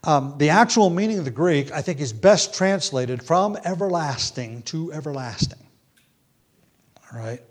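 Man teaching scripture, measured and explanatory. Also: fairly high pitch, lively intonation. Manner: thoughtful, explains step by step with fillers and restarts; reads quotations aloud with rising emphasis. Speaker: preacher. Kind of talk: expository Bible teaching.

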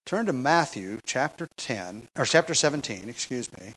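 A man preaching a verse-by-verse sermon, emphatic and slowing down on key words, often asking the congregation rhetorical questions. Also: medium pitch, animated, a bit bright, rough recording. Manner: emphatic, slows down for stress. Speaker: pastor. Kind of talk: expository sermon.

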